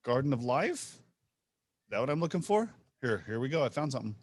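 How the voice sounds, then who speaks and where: Excitable man with a very lively voice. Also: medium pitch, fairly quick, breathy edge. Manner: excitable, giggly, fumbling with his phone. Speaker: podcast co-host. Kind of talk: casual comedic chat.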